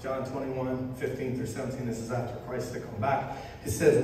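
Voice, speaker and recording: A man's voice: mid-range voice, flat delivery, normal speed, mellow. A man from Florida preaching a sermon in a church, telling stories with a conversational, humorous manner. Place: church sanctuary. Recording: echoey hall, voice far from mic, faint noise.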